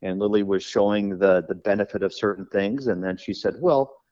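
Funeral director podcast guest, low voice, rambling anecdotes, dull lo-fi sound. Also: male voice, normal speed, a little mellow. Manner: rambling storyteller, acts out quoted dialogue. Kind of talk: podcast conversation.

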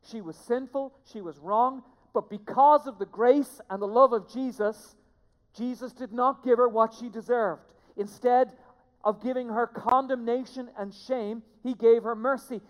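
A pastor preaching a sermon to a church, emphatic, repeating key phrases and swinging between hushed and loud delivery. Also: mid-range voice, moderate pace, muffled recording. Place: church sanctuary. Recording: long reverb of a large hall.

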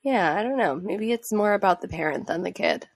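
A woman's voice: medium pitch, animated, a little fast, gravelly, husky, no echo, studio quality. A young woman and parent chatting casually about discipline, thinking aloud with hesitant phrasing and many fillers. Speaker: parent in a conversation. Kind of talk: casual chat.

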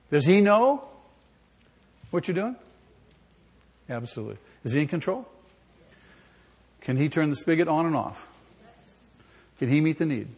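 A male pastor with a fairly high, breathy-edged voice gives an emphatic sermon in a church sanctuary, directing questions at the congregation. The recording carries a long hall reverb.

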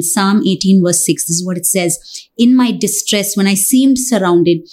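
A woman's voice: mid-range voice, darkish tone. A woman preaching a sermon, earnest and pleading, with many rhetorical questions.

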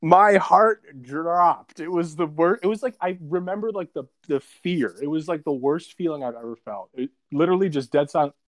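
A man in his twenties on a casual podcast, telling a story in an animated, profane, dramatic way. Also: a little high, moderate pace, hardly any pauses. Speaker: podcast co-host.

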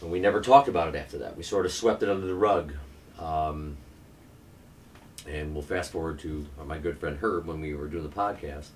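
Podcast guest, middle-aged man, deep and low, earnest and blunt, set back from the mic. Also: moderate pace, recorded from a distance, a little hiss or hum. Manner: candid, earnest, occasionally profane. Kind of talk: emotional personal storytelling.

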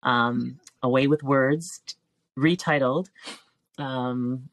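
A middle-aged woman, a teacher and filmmaker, talking as a podcast guest in an earnest, emotional way, pausing with frequent ums and restarts. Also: very deep voice, steady tone, dry recording. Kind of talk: reflective heartfelt conversation.

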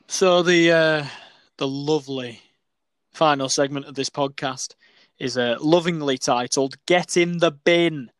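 Teasing New podcast host. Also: male voice, on the high side, unhurried, smooth, dry recording. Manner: playful, sweary, teasing. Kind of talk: casual comedy podcast banter.

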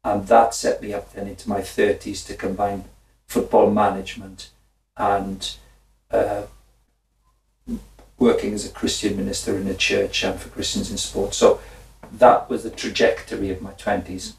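A man in his sixties, a guest telling stories in an animated way, laughing and acting out his own side of the dialogue. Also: on the low side, normal speed, gravelly. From Wales. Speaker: guest, former footballer and minister. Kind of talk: conversational storytelling. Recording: echoey room, distant mic.

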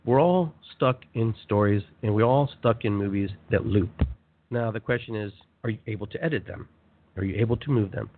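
A man hosting a motivational spiritual talk show, speaking in an animated, conversational way and repeating phrases for emphasis. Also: fairly low pitch, brisk. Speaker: radio show host. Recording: tinny phone-line sound.

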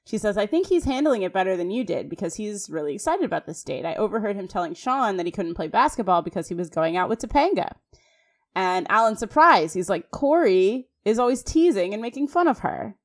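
A woman co-hosting a podcast, chatting casually and reading scene quotes aloud quickly in an animated way. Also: medium pitch. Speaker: podcast co-host. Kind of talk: casual recap chat.

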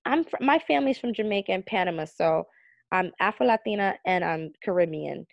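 A woman's voice: medium pitch, animated, a little fast, vocal fry, no room sound. Earnest chatty woman, dry and muffled. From United States. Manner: chatty, earnest, heavy use of "like". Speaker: magazine CEO and editor, guest. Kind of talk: casual podcast conversation. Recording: dull, slightly muffled audio.

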